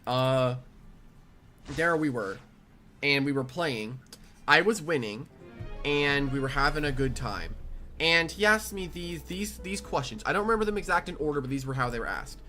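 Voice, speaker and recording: A young adult telling a rambling, animated story in casual storytime fashion. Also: mid-range voice, normal speed, soft background music. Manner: rambling, animated, restarts often. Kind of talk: casual storytime over gameplay.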